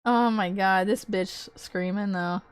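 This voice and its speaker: A woman livestreamer in casual chat with her viewers, excitable, swearing freely and laughing often. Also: mid-range voice, slow pace, smooth, no room sound.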